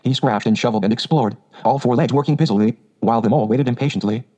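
A man narrating a children's story aloud in a steady, measured way on a dull lo-fi recording. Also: medium pitch. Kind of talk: audiobook reading.

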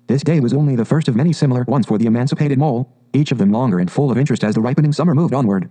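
A man narrating a classic storybook in an even, unhurried audiobook reading. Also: mid-range voice, rough recording.

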